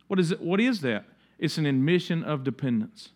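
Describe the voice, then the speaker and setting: A middle-aged man preaching a sermon with a high-pitched voice. He talks to the congregation casually and slips into the voices of the people he describes. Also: animated, brisk, darkish tone. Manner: conversational preaching, acts out quoted voices. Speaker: pastor.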